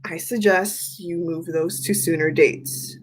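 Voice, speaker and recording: A woman voicing a pushy male spirit guide who speaks low, slowly and insistently. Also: steady tone, low-quality recording.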